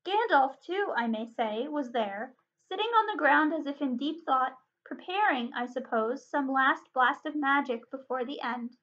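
Brief: woman librarian narrating a storybook aloud, high voice, expressive and steady, muffled lo-fi sound. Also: normal speed, hardly any pauses.

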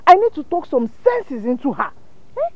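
A soothing, firm aunt with an animated voice. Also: female voice, high-pitched, moderate pace, muffled recording. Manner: soothing, scolding. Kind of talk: film drama.

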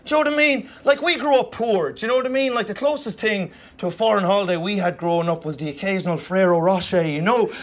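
High-voiced Irish comic on stage. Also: male voice. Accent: Irish, Kilkenny. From Ireland. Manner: rapid rambling delivery, constant "you know what I mean". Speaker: stand-up comedian. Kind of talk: stand-up comedy set. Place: comedy club stage with laughing audience.

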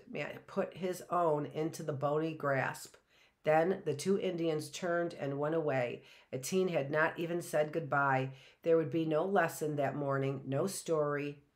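Woman teacher reading a story aloud. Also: deep voice.

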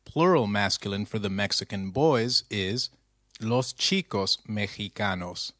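A man's voice: on the low side, fairly bright tone, dry recording, clean studio sound. A man narrating a scripted language lesson, speaking carefully and repeating phrases for the learner to say back. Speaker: language teacher.

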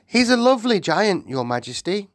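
A man voicing a polite, earnest little girl in a storybook reading, with a much higher voice than his own. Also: normal speed, no echo, clean studio sound. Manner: stammering at first, then calm and eager.

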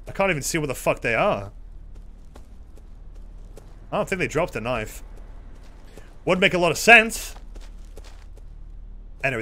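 Man, game streamer, sarcastic and fed up, lively pitch, bright tone. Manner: sarcastic, exasperated, swears a lot. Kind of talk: casual live game commentary.

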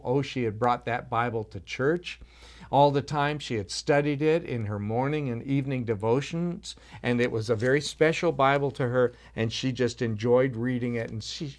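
At a church service, a man with a mid-range voice tells a children's story with animation, often restarting and asking his young listeners questions.

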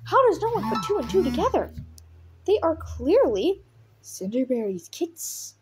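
A young woman casually reading a story aloud, giggling and reacting excitably to the plot as she goes. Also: sits high, normal speed, music in the background. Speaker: audiobook reader.

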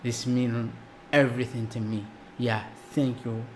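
A man, not an English speaker, excitedly reacting to a music video in broken English with lots of exclamations. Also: medium pitch, a little slow, noisy background.

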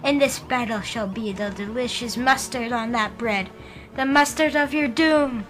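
A woman putting on a shrill, crazed little male henchman who gloats and rants at the top of his voice, his grammar all mangled. The voice sits high and the delivery is slow and drawn out, like a game villain. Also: over music, natural voice, poor audio. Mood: gloating. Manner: loud ranting with mangled grammar.

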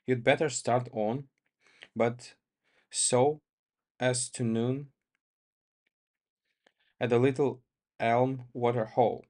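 A man's voice: medium pitch, steady tone, takes it slowly, long pauses, a little mellow, lightly acted. A man voicing a firm, commanding woman who owns a ranch, speaking steadily and insistently in a story reading.

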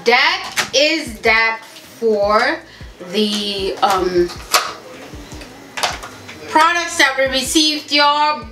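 Woman from Haiti, beauty vlogger, casual unboxing chat, slow, echoey home room. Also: fairly high pitch, expressive, over music. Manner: chatty, gushing, addresses viewers as y'all. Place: home room with family noise around.

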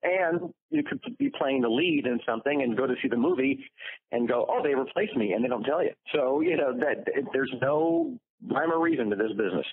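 A man voice actor telling lively stories in an interview, acting out the quotes. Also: medium pitch, fairly quick, gravelly, husky, no room sound. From United States. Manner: lively storyteller, acts out quotes. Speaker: voice actor guest. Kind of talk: interview anecdotes. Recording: dry phone-like line.

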